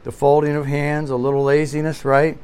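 A man preaching a sermon from the pulpit, emphatic and swinging between loud declarations and quiet asides. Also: fairly high pitch, flat delivery, brisk, clear, resonant tone. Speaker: pastor.

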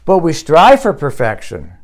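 A man's voice: wildly swooping pitch, a little slow. Emphatic male pastor preaching. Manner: emphatic preaching, rising sharply on quotes and questions; closes in a quiet, low prayer. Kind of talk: sermon.

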